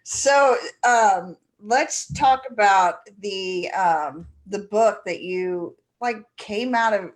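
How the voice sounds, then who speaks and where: A woman's voice: mid-range voice, takes it slowly, hardly any pauses, poor audio. A woman co-hosting a live web show, chatting casually and teasing her co-host. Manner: chatty, teasing, laughs often. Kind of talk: casual chat.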